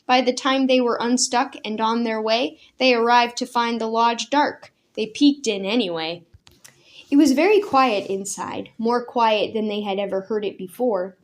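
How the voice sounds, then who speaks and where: A woman storyteller reading a children's chapter book aloud in a gentle, expressive way. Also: fairly high pitch. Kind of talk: storybook read-aloud narration.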